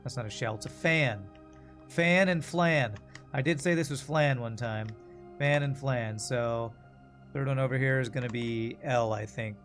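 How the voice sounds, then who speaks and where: A man's voice: medium pitch, a little slow, fairly bright tone, soft background music. A man streaming a puzzle game, muttering and thinking aloud to himself and his chat. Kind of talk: casual gameplay commentary.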